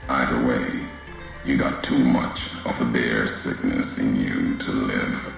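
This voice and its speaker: Raspy, slow, grim wasteland courier. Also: male voice, very echoey, faint music behind, heavily acted. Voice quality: raspy, deep. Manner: slow, clipped, terse sentences. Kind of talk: video game voice acting.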